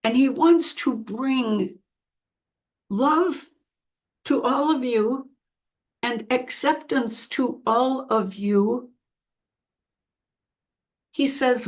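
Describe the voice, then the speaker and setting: A woman medium delivers a channeled spiritual message in an earnest, gentle tone. Her voice sits a little high. She talks extremely slowly and pauses after each short phrase. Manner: slow, halting, phrase by phrase, earnest.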